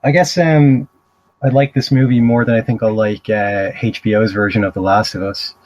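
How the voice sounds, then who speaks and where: A man's voice: fairly low pitch, fairly even intonation, normal speed, a little mellow. A man co-hosting a casual movie review podcast, trading dry, teasing banter. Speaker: podcast co-host.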